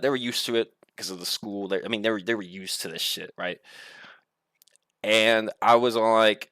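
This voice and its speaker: Young male vlogger, loose and profane storyteller, punchy bright tone. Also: fairly low pitch, normal speed, no room sound, clean studio sound. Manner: rambling, profane, laughs while telling. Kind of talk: casual storytelling.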